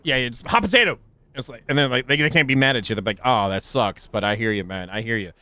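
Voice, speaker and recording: A young man streaming a game live, rambling casually with stammering restarts and sudden high, excited yelps. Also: fast, no echo. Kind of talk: casual live gameplay commentary.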